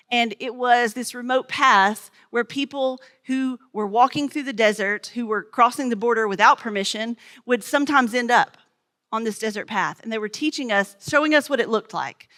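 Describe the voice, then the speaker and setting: A woman's voice: fairly high pitch, moderate pace, sharp tone. A woman pastor, telling stories in a conversational sermon and talking with children. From Smoky Mountains, USA. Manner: storytelling, conversational, talks with children.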